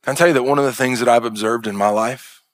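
A man's voice: mid-range voice, quick pace, no room sound. A male pastor preaching a sermon with emphatic delivery and repeated parallel phrases.

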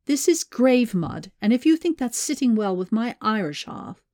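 A woman's voice: a little high, sing-song, moderate pace, a little mellow, no echo, clean studio sound, pitched above the performer's own voice. A woman voicing a tough female operative in an audiobook, blunt and sardonic. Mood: exasperated.

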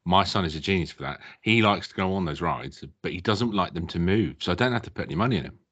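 A man's voice: sits low, lively intonation, fast, a bit bright. A man, a podcast guest, chatting casually and dropping dry jokes. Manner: dry, jokey quips. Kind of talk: casual chat.

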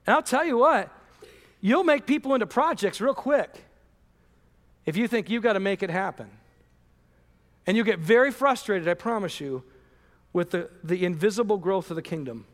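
A man preaches to his congregation in an earnest, emphatic way. He acts out the voices he quotes and builds to near shouts on his key points. His voice sits very high for a man, and a long church-hall reverb trails behind every phrase. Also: lively intonation, normal speed, pauses often. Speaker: pastor. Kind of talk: sermon. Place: church sanctuary.

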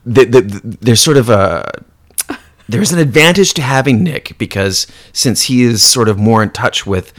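A man's voice: mid-range voice, moderate pace. A man chatting casually about a film, acting out scenes and swearing freely as he stumbles over his words. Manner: animated, acts out scenes in put-on voices.

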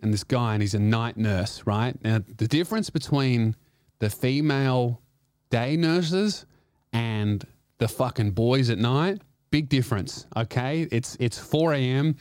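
A man's voice: mid-range voice, unhurried, darkish tone, no room sound, clean studio sound. A man who is a comedian and podcast host, telling a profane, rambling comic story full of restarts.

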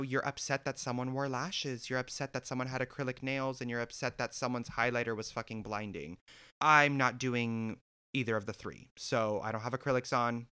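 Sassy young guy spilling a story, super expressive, bright sharp voice. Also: mid-range voice, clear, resonant tone. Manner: animated, sassy, profane and expressive. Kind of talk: storytime vlog.

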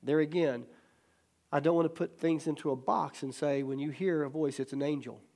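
A man's voice: on the high side, normal speed, gravelly. A man pastor leading a Bible study, telling stories with acted-out quotes and frequent laughter. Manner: lively storyteller who laughs often and acts out quotes.

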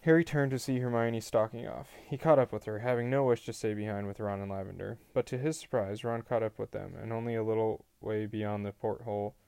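A man with a fairly low voice reads a novel aloud, keeping the storytelling plain and even. He stumbles over a word now and then. The recording is close-miked and dry. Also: a little fast, vocal fry, hardly any pauses, smooth, no room sound. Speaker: audiobook reader.

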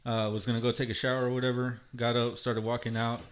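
A man on a casual podcast telling a childhood story, animated and swearing a lot. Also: mid-range voice, fast. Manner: animated, swears a lot, laughs through stories.

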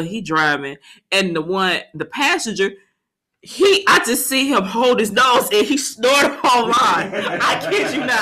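A woman co-hosting a podcast, telling a story in a casual chat. She is animated and breaks into laughter easily. Her voice has a bright, forward edge. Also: mid-range voice. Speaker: podcast co-host.

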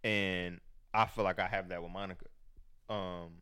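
A man's voice: deep voice, fairly even intonation, normal speed, sharp tone, clean tone. A man in casual chat, speaking candidly and with profanity.

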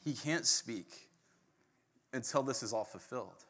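A male pastor delivers his sermon in an easygoing, conversational style, animated as he tells the story. His voice is bright and forward. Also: mid-range voice, a little slow.

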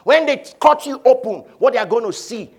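Man, pastor, high voice, sermon, shouts then hushes, call-and-response. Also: expressive, brisk. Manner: preaching with swings from shouting to quiet, leading call-and-response.

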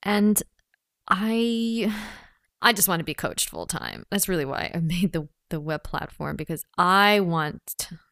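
A woman coach with a somewhat low voice talks through self-coaching questions, laughing often and wandering into asides. Her voice is close and dry, with no room sound around it. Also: big pitch swings, measured pace, creaky, a bit bright, dry recording. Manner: thinks aloud with frequent laughs and asides. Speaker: personal coach. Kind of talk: casual self-coaching vlog, reading questions aloud.

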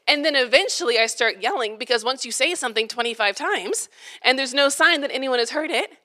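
A woman's voice: high-pitched, lively intonation, fast talker, sharp tone. A woman, preaching a sermon in a conversational, emphatic way, repeating phrases for effect. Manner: conversational, with parenting asides. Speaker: pastor.

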